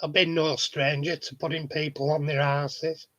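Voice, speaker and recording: A man's voice: a little high, little pitch movement, normal speed, a bit bright, highs cut off. A man in a casual monologue vlog, talking bluntly, swearing freely and chuckling often. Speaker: vlogger.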